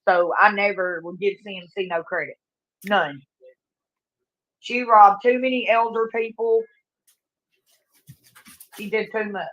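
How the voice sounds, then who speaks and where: A woman's voice: mid-range voice, fairly even intonation, unhurried, long pauses, a bit bright. Woman, middle-aged, outspoken, motherly, dull lo-fi call audio. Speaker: caller on a livestream. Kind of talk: casual chat.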